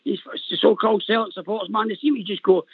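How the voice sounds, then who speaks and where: A Scottish man on a football phone-in, bantering in an animated way and saying "man" a lot, heard over a phone line. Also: high voice, fast talker, creaky, breathy edge, no room sound. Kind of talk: casual football phone-in chat.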